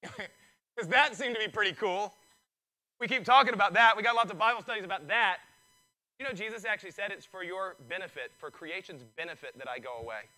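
A male pastor preaching a sermon, excitable and building in intensity, his voice strained from preaching. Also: high voice, brisk, low-quality recording.

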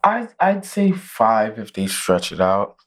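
A man's voice: fairly low pitch, very animated, slow, a bit bright. A man on a podcast, chiming in with blunt, short, profane remarks in casual chat. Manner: blunt, terse interjections, profane. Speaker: podcast co-host.

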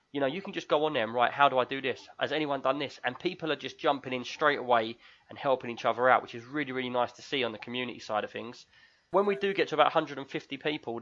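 A man's voice: medium pitch, fairly bright tone. A man with a London accent hosting a podcast in casual chat, joking and reading listener reviews aloud. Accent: London English. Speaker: podcast host. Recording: tinny lo-fi mic.

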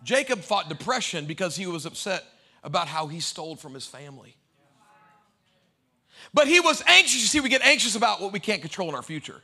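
A man preaching a sermon as pastor to a congregation, animated and humorous, swinging between loud outbursts and quiet asides. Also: high voice, a little fast. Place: church before a live congregation.

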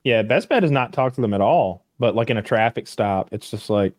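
A man's voice: lowish voice, animated, fairly quick, no echo, clean studio sound. A man talking casually on a podcast, acting out quotes in raised voices. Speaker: podcast co-host. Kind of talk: casual chat.

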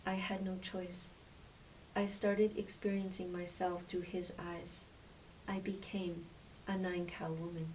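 A woman voicing a gentle, reflective island wife telling her own story, with a distant mic and faint hiss. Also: on the low side, level tone, a little slow, close to an everyday voice.

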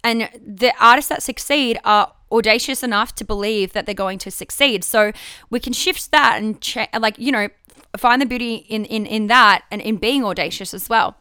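A podcast host talks candidly on her casual solo show, swearing freely and frequently restarting sentences as she works out her thoughts. Her voice is fairly high, very bright and crisp, at a normal speed. The sound is close and dry, with no echo.

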